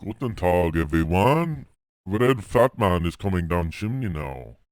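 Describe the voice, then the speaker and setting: A man doing a deadpan mock German-accented man announcing Christmas in clipped, broken phrases. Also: low-pitched, unhurried, no echo, voice pushed down.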